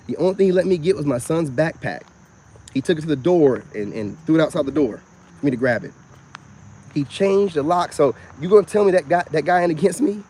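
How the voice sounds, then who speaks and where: Guy rambling outside, kinda high voice, lots of "you know what im saying", crickets in the back. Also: brisk, warm tone, breathy edge. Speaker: self-styled spiritual vlogger. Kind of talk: casual monologue to camera.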